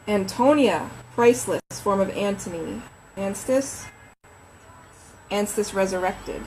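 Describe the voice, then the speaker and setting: A woman's voice: medium pitch, takes it slowly, a little mellow, a little hiss or hum, poor audio. A woman novelist chatting on a casual livestream from home, rambling and reading names aloud as she thinks.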